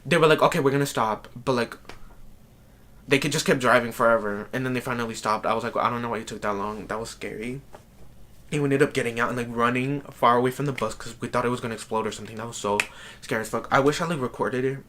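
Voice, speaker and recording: Young male vlogger with mid-range pitch, casual and foul-mouthed, rambling storyteller. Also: fast, fairly bright tone. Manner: chatty and profane, heavy on "like" fillers.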